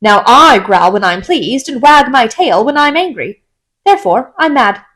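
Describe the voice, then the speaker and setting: A woman's voice: on the high side, big pitch swings, normal speed, fairly bright tone. A woman voicing a grinning, riddling cat in a storybook reading, airy and teasing.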